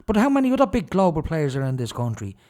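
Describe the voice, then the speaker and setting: A man's voice: on the high side, huge pitch swings, quick pace, darkish tone. Indignant Irish man ranting on radio. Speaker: radio show host. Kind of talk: solo opinion monologue.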